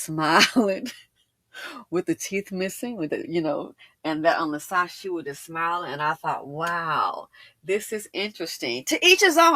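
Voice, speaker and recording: A woman's voice: fairly low pitch, fairly bright tone, no room sound. A woman host telling a storytime in casual, emphatic commentary, often repeating lines for effect.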